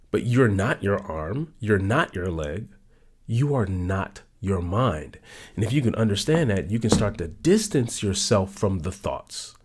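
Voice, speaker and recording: A man giving an emphatic motivational talk on his own channel. He repeats his main points and pushes his voice sharply upward when he stresses them. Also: medium pitch. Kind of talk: motivational talk about a book.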